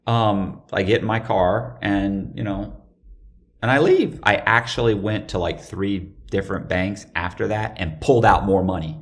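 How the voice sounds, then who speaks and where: A man, a guest on an interview podcast, telling a personal story in a casual, animated way and acting out the dialogue. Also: on the low side, normal speed. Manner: animated, acts out quoted dialogue.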